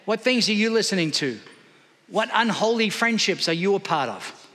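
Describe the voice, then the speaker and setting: A man's voice: high-pitched, lively intonation, normal speed, sharp tone. A man preaching a sermon in church, calling out to the congregation for responses. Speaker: pastor. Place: church hall. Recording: long hall reverb.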